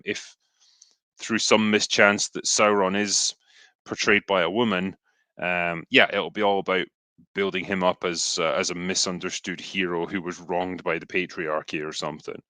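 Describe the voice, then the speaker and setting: A Scottish man in his thirties hosts a casual livestream, reading superchats into a headset with plenty of fillers and dry, sarcastic humor. His voice is deep with a sharp tone, and there's no echo.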